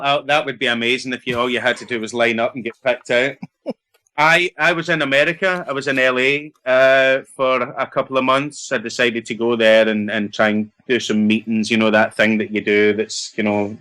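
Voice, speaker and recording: A middle-aged Scottish actor telling lively anecdotes in a casual interview, laughing and acting out what others said. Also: male voice, mid-range voice, smooth. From Scotland. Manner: animated anecdotes with laughter and acted-out quotes. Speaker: actor guest.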